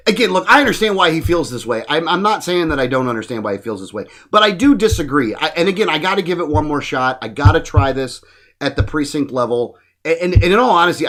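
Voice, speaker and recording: A man's voice: a little high, a bit bright. A man speaking as a podcast guest in a studio, ranting bluntly in casual talk full of profanity. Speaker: guest, political activist.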